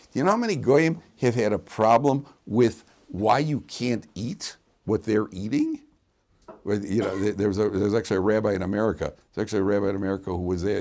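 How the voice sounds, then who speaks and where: A man's voice: mid-range voice, a little mellow. A man teaching a Torah class as a rabbi. He tells funny anecdotes, asks rhetorical questions, and quotes Hebrew verses.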